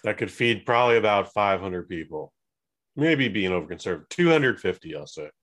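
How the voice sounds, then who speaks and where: Male co-host, slightly low voice, dry deadpan humor. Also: fairly quick. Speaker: podcast co-host. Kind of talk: casual chat.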